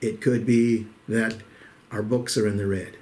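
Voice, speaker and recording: A man's voice: on the low side, little pitch movement, unhurried, darkish tone. A middle-aged man hosting a weekly show, telling jokes in a folksy, casual monologue and calling his listeners "folks.". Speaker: host.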